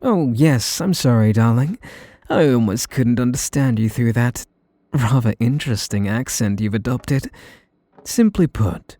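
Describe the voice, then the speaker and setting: A man with a British accent playing a possessive, sweetly menacing young male mage in an ASMR role-play, talking in a soft, teasing, condescending way. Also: mid-range voice, animated, unhurried, no room sound, close to an everyday voice. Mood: soothing.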